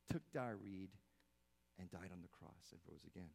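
A man preaching a sermon as pastor, swinging from hushed, soft passages to loud, emphatic exclamations. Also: fairly low pitch, moderate pace, vocal fry. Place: church sanctuary. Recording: long hall reverb.

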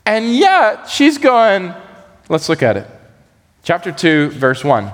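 A man preaching a sermon, animated and acting out the voices he quotes. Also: high-pitched, slow pace, in a large hall. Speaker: pastor.

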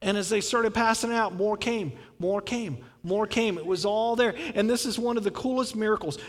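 A man preaching a sermon in a casual, animated storytelling way, acting out dialogue. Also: sits high, normal speed. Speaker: pastor. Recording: long reverb from a large hall.

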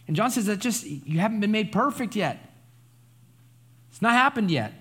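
A man's voice: high-pitched, lively intonation, normal speed, a bit bright, slightly rough. A man preaching a Bible study sermon in a conversational, emphatic way, often adding asides and tag questions. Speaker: pastor.

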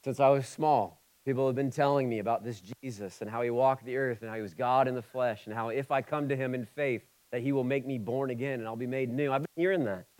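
Ohio-raised pastor, emphatic and conversational. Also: male voice, mid-range voice, fairly even intonation, quick pace, hardly any pauses, poor audio. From Ohio, USA. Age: 40s. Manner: emphatic, swinging from loud urgent peaks to quiet intimate asides; conversational and humorous between scripture readings. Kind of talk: sermon.

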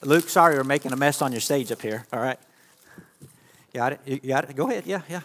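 A man's voice: mid-range voice, a little fast, fairly bright tone, slight background noise. A man preaching an interactive sermon from a church stage, talking casually and joking with volunteers. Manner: playful, joking with the audience. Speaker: pastor. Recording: long reverb of a church hall.

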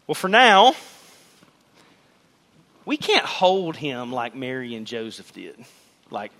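A man's voice: mid-range voice, wildly swooping pitch, slow, sharp tone. A man, preaching a sermon in church in a conversational, joking style with emphatic repetition. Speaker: pastor. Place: church sanctuary with a congregation.

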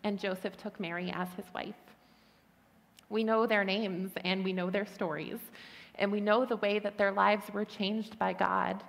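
A woman giving a gentle, earnest sermon, telling a story with touches of light humor. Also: medium pitch, gravelly. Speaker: preacher. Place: church hall. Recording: long hall reverb.

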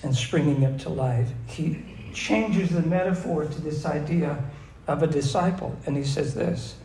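A man preaching a sermon, emphatic, reading scripture slowly and asking his listeners questions. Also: on the high side, warm tone, roomy sound, slight background noise, rough recording. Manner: emphatic, asks the audience questions, reads verses slowly.

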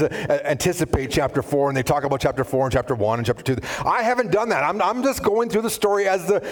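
A man preaching a sermon as pastor, conversational and animated, full of asides. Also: sits high.

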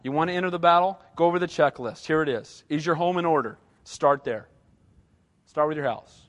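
High-voiced man preaching in punchy bursts. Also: fairly quick, muffled recording. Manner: conversational, repeats short punchy phrases; often asks the congregation "right?". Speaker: pastor. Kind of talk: sermon.

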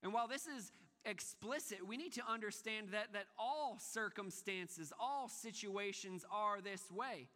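A man's voice: high-pitched, pushed and bright, long reverb tail. A man preaching a sermon, asking rhetorical questions and driving points home with emphatic repetition. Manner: emphatic, rhetorical questions, repeats words when restarting. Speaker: pastor.

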